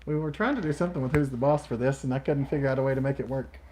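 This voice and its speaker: A man's voice: mid-range voice, very fast, a little mellow. A man co-hosting a live stream in casual chat, upbeat and friendly as he reads out and answers viewer comments. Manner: enthusiastic, friendly greetings to viewers.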